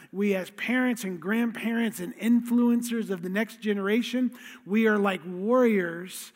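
High-voiced man preaching in a reverberant hall. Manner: animated, conversational storytelling. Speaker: pastor. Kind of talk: sermon. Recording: long reverb of a large hall.

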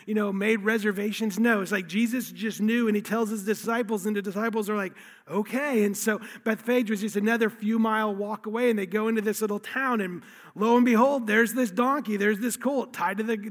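A man's voice: high-pitched, brisk, a bit bright. A man preaching a sermon, telling the story with emphasis and repeating key phrases. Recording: long hall reverb.

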